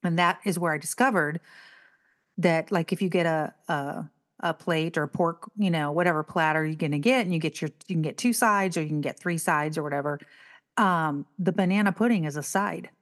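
Chatty woman telling stories. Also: brisk. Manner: animated storyteller, acts out quotes in a higher voice. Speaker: podcast co-host. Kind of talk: casual chat.

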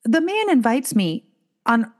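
A woman's voice: a little high, a little slow. Chatty middle-aged woman telling a story. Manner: animated storytelling, acting out quotes with many restarts. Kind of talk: casual chat.

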